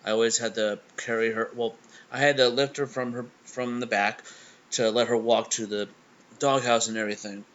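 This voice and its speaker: A man's voice: mid-range voice, steady tone, fairly bright tone. Young guy talking it out, keeps restarting his words, muffled cheap mic sound. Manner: halting, stammering restarts. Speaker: reaction video host. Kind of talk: casual emotional storytelling.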